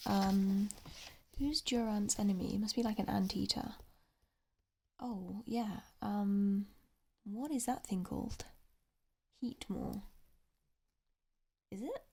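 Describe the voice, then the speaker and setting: A young English woman speaking softly in ASMR style, murmuring to herself as she tries to recall names. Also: mid-range voice, slow pace, pauses often, slightly rough. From England. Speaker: ASMR creator. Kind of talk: soft-spoken ASMR.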